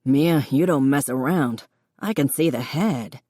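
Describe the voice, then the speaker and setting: Brief: a woman playing a steady, calm man, low and even. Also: unhurried, no room sound, studio quality.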